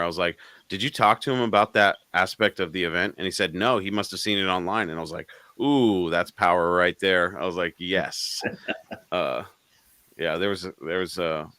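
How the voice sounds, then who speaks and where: A man's voice: low voice, bright, forceful tone, no echo. A man co-hosting a live car show, telling a story in casual chat, swearing freely and laughing between lines.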